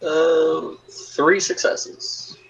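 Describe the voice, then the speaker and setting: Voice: medium pitch, flat delivery, very slow, husky, highs cut off. A player in a tabletop game, giving brief, dry replies. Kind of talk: casual game chat.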